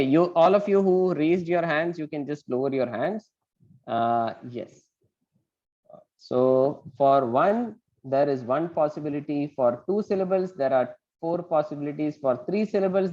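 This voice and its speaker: A man with an Indian English accent teaches an online math class, patiently checking in with "right?" again and again. His voice is a little high and mellow, heard through a video call with dull lo-fi audio.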